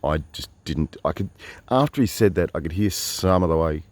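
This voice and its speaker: Very deep-voiced wry Australian man. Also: animated, moderate pace, a little mellow. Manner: meandering, wry, full of asides and restarts. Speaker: travelling storyteller. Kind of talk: casual spoken monologue.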